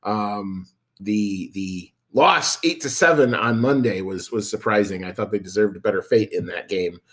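A man's voice: on the low side, normal speed. A man co-hosting a sports podcast, chatting in an easygoing, agreeable way. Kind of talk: casual sports chat.

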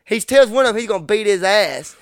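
A man's voice: high-pitched, animated, quick pace, no room sound, studio quality. A man co-hosting a podcast, telling a profane story in casual chat and acting out what people said. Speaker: podcast co-host.

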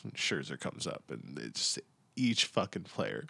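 A young man with a very low voice rants through casual podcast commentary, sarcastic and swearing freely. The sound is dry and close, with no room around it. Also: expressive, a little slow, vocal fry, pushed and bright, breathy edge, no room sound. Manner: ranting, sarcastic, heavy swearing. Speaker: podcast host.

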